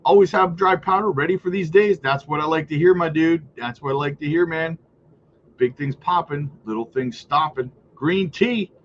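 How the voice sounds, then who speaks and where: Brief: male live-stream host, fairly high voice, upbeat and chatty, slightly dull lo-fi audio. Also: normal speed, a little hiss or hum. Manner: upbeat, chatty, tags lines with "right?" and "guys". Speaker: crypto livestream host. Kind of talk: casual livestream commentary, reading chat. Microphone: streaming setup mic.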